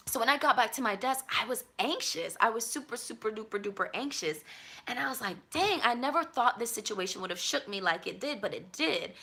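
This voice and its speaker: Animated woman telling a storytime. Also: mid-range voice. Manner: animated, emphatic storytelling with acted inner voices. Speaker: vlogger. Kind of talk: casual storytime vlog.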